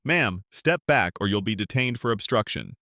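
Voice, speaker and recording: Blunt commanding federal agent, low voice, dry close sound, read by a man. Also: expressive, moderate pace, pushed and bright, no room sound. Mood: curt, commanding. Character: curt, hostile male federal immigration agent.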